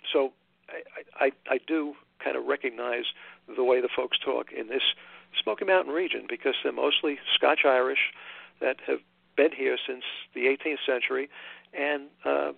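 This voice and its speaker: Older male author guest, gravelly and halting, heard over a tinny phone line. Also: mid-range voice, dry recording. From Long Island, New York. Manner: halting, many restarts and fillers. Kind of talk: casual interview chat.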